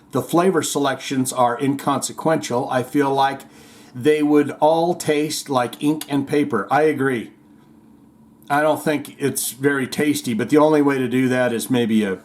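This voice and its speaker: A man hosting a podcast, chatting casually and rambling through listener comments, chuckling often. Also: medium pitch. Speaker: podcast host.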